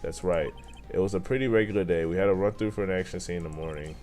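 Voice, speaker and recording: A man reading aloud the lines of an awkward, nerdy male TV director from a video game, in a quick, mumbling delivery. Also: deep voice, a little mellow, lightly acted. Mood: offhand.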